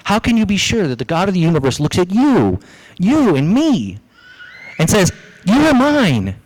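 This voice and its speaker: A man preaching a sermon as pastor, lively, acting out the voices he quotes. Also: high voice, normal speed, rough recording. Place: church.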